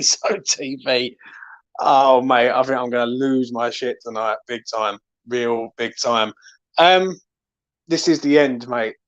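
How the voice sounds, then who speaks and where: Bloke ranting about the footy, swearing loads, dull lo-fi mic. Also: male voice, medium pitch. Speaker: fan channel host. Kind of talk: angry football fan reaction.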